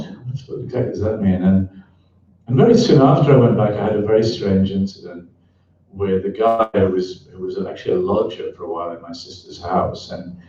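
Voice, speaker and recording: A middle-aged man gives a frank, reflective interview at a book event. His voice is deep and mellow, and he often pauses and restarts his thoughts. The recording is distant and dull, with heavy echo from the hall. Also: a little hiss or hum. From England. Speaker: author and columnist. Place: event hall before an audience.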